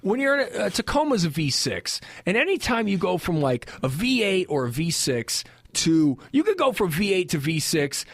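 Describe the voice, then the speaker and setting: Animated, foul-mouthed male podcast host. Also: high-pitched, moderate pace, no echo, clean studio sound. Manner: animated storyteller, swears a lot, mimics people he quotes. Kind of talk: casual crude banter and storytelling.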